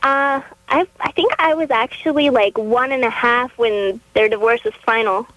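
An eighteen-year-old woman from California calling a radio show, with a high childlike voice and giggly talk full of fillers. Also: normal speed, fairly bright tone, no echo, poor audio. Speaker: caller. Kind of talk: phone call to a radio show. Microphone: telephone.

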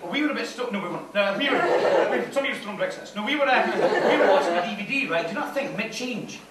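A man's voice: high voice, animated, racing, very noisy. A man doing live stand-up, rambling and self-mocking, laughing as he goes. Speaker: stand-up comedian. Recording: distant mic in an echoey cave venue with loud crowd.

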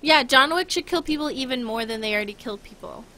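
A woman's voice: high voice, quick pace, bright, forceful tone. A young woman streaming a game, chatting casually and rambling with giggles, talking to her chat and her dog.

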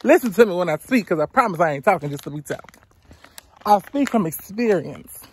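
Out of breath on a walk beside a road near woods, a woman in her twenties vlogs casually into a handheld phone camera, dispensing blunt, profane advice. She has a lowish voice with lively intonation and talks a little fast, with slight background noise.

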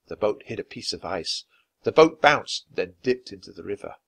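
A man reading a children's chapter book aloud clearly and expressively for language learners. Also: fairly low pitch, lively intonation, moderate pace, a bit bright, dry recording. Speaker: storybook reader.

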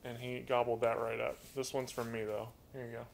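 A man with a raspy voice hosting a casual live Q&A stream from home, in a loose, rambling way, reading chat messages aloud and talking to his pet birds. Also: mid-range voice, level tone, brisk, heavy background noise.

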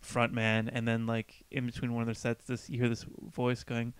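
A man's voice: medium pitch, monotone, moderate pace, clear, resonant tone, no echo. A man co-hosting a casual podcast, rambling through stories, swearing freely and acting out quotes. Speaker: podcast co-host. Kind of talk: casual chat. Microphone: studio microphone.

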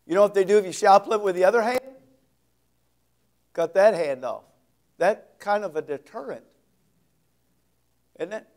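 A male pastor preaching an expository sermon, reading scripture slowly with heavy emphasis and dropping folksy asides. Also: sits high, a little mellow.

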